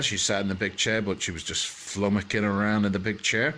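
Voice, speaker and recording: A man's voice: on the low side, steady tone, fairly quick, sharp tone, a little hiss or hum. A man telling a bedtime story in a loose, chatty way, full of fillers and joking asides.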